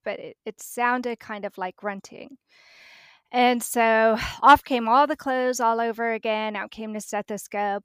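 A woman's voice: medium pitch, a bit bright, clear, resonant tone, no room sound, clean studio sound. A middle-aged woman, a podcast guest, telling a personal story vividly and acting out the dialogue.

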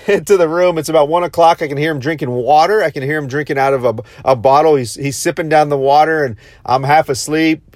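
A man in his thirties telling a story to his viewers, intense and excitable, often repeating and restarting his phrases. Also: medium pitch, no room sound, clean studio sound. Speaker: motivational vlogger.

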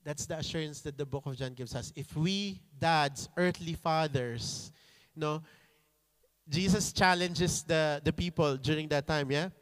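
A man delivers a sermon in a slightly high voice. He speaks slowly and with weight, drops Tagalog phrases into his English, and leans hard on his key lines. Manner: slow, emphatic preaching that mixes in Tagalog phrases; voices pleading children in a high voice. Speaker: preacher.

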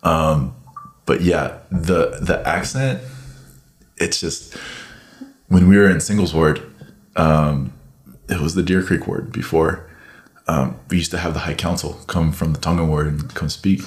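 A man speaking in a relaxed, reflective way during a casual chat. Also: extremely low pitch, a little slow.

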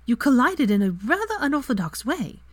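A woman reading aloud and voicing a calm, knowing young witch who gives matter-of-fact advice. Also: sits high, brisk, no echo, voice pushed up.

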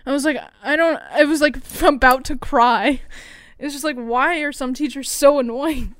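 A woman's voice: sits high, moderate pace, no room sound, studio quality. Laughing young woman telling stories. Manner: laughing, swearing, storytelling. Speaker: podcast co-host. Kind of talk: casual chat.

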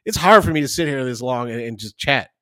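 A man's voice: mid-range voice, expressive, fairly quick, fairly bright tone, no echo. Restless, rambling male podcast co-host. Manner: rambling, restless, swears casually. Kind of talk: casual chat. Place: at his desk, recording remotely.

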